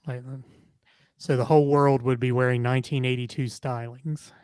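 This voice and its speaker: Man, medium pitch, wisecracking podcast co-host, dry close sound. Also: little pitch movement, moderate pace, a little mellow, smooth, dry recording. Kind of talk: casual chat.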